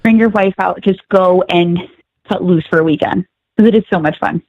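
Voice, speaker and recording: A woman's voice: on the low side, normal speed, no room sound. Woman calling in to a podcast, chatty and upbeat, kinda muffled lo-fi line, dry. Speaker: actress guest calling in. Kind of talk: casual chat.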